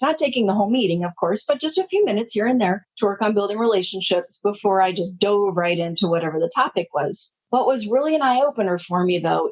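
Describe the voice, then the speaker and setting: A woman in her sixties, a leadership consultant, telling anecdotes in an interview and acting out the dialogue. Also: mid-range voice. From United States. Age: 60s. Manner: anecdotal, animated, acts out quoted dialogue. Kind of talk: storytelling interview talk. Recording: slightly muffled audio.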